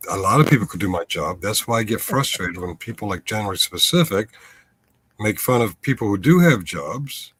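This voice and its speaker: A man's voice: fairly low pitch, lively intonation, moderate pace, a bit bright, slight background noise. A man hosting a casual livestream chat, talking in a wry, rambling way that keeps breaking off and restarting. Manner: rambling, self-interrupting, wry. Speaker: livestream host.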